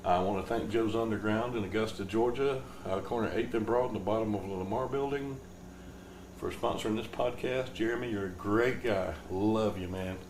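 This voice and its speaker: A man's voice: lowish voice, moderate pace. A man hosting a podcast, rambling through a laid-back, jokey monologue. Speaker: podcast host. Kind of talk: casual comedic monologue. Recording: roomy echo with faint background noise.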